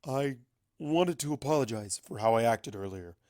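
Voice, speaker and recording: A man's voice: mid-range voice, lively intonation, normal speed, a little mellow, dry recording, clean studio sound, close to an everyday voice. A man voicing a proud but weary male unicorn wizard in a fanfic audiobook reading, earnest and apologetic. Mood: pleading.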